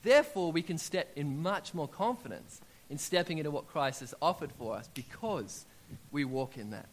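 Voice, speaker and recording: Man, 30s, preacher, animated storytelling sermon, fairly high voice. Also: moderate pace, a little hiss or hum. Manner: animated storytelling, acting out his own prayers.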